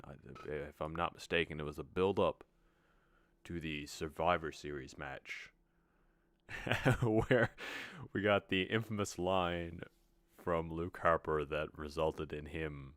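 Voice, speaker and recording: Deep, crisp-voiced man for earnest, reflective game-stream commentary. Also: a bit bright, no room sound. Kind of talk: casual gameplay commentary.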